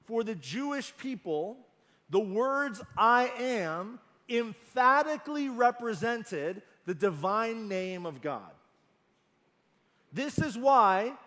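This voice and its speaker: Male pastor, sermon, high voice, slow and emphatic, reverberant hall sound. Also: a bit bright. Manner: earnest, emphatic, slows down on key phrases.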